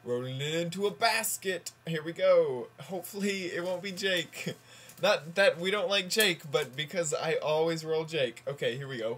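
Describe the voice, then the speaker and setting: A man vlogging casually, rambling and halting with lots of fillers while he sets up a long joke. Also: fairly high pitch, fairly bright tone. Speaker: vlogger on a group channel. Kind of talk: casual vlog, telling a joke.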